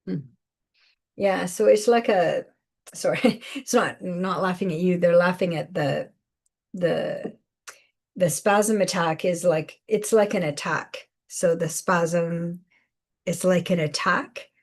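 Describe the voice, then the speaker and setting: A woman hosting a live spiritual guidance session, speaking softly with many fillers and repeated phrases. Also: lowish voice, slow. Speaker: intuitive guidance host.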